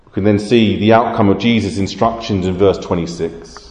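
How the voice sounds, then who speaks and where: A low-pitched man delivers a sermon, explaining scripture in a steady, measured way. His voice rings out with a long reverb, as if recorded in a large, roomy hall. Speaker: preacher.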